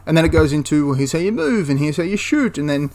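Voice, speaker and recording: A man's voice: fairly high pitch, big pitch swings, fast talker, darkish tone. A man giving a casual, enthusiastic spoken review of a tabletop wargame, rambling into asides and restarting his sentences.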